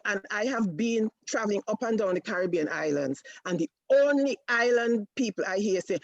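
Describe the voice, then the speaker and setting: A woman tells a story on a panel with a lively, swooping voice, acting out each line of dialogue. The sound is dry and close. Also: a little high, fairly quick, hardly any pauses, no echo, highs cut off. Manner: animated, acts out dialogue.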